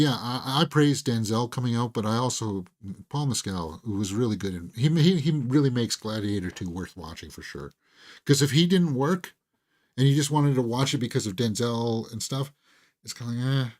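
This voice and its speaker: A man who is losing his voice, hosting a casual movie talk stream, rambling with lots of fillers and chuckles. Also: on the low side. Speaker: host of a movie talk channel. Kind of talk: casual live-stream chat.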